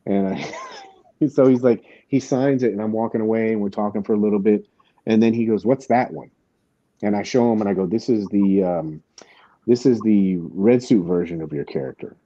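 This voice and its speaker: A man with a low, very dark and mellow voice tells a rambling convention story on his podcast, restarting his sentences as he goes. The sound is dry and a little dull, like a modest lo-fi studio setup. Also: normal speed, dry recording. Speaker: podcast host. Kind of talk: casual chat.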